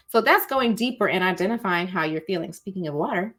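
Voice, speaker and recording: Speaking from a cozy spot at home, a woman hosts an online masterclass on emotions, chatty and colloquial, saying "y'all" and acting out example feelings in little voices. Her medium-pitched voice is expressive and a bit bright, and she talks fast.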